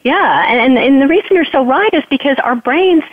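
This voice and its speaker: A woman's voice: sits high, animated, a little fast, no echo. Earnest woman teaching over a tinny phone line. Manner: earnest, teaching, acts out her own inner thoughts. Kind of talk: podcast conversation, explaining with examples.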